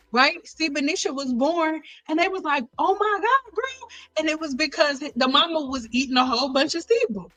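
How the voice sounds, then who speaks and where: A woman hosting a hair care live stream, joking around in a playful, animated way and repeating lines for effect. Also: sits high, poor audio.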